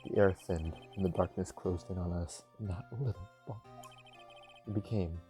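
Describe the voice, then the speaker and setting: A man's voice: low-pitched, fairly even intonation, normal speed, dark tone, faint music behind. A young man casually reading game dialogue aloud with offhand asides, recorded on an earbud mic.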